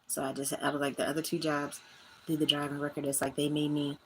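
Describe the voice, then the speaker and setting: A woman streams from a small room at home, venting candidly and addressing her chat directly. Her voice is deep, monotone, and fast, with slight background noise.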